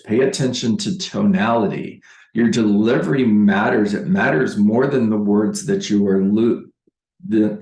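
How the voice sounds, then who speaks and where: A man giving a motivational sales training talk as a real estate coach, deliberate and emphatic, repeating key phrases. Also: fairly low pitch, a little mellow, roomy sound, low-quality recording.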